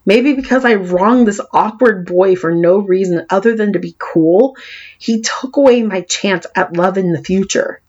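Reading her own memoir aloud at a normal pace, a woman with a somewhat mellow voice, a Californian accent and a faint lisp performs it theatrically and self-deprecatingly. She swings widely in pitch and volume from mock despair to wry asides, and the audio is slightly dull and muffled.

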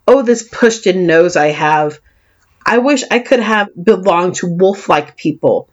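A woman with a Californian accent and a faint lisp reads her own writing aloud with theatrical, self-deprecating flair. Her voice swings between mock despair and wry asides. The recording sounds slightly dull and muffled. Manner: dramatic, self-mocking, wide swings in pitch and volume. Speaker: author reading her book. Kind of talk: expressive reading of memoir prose.

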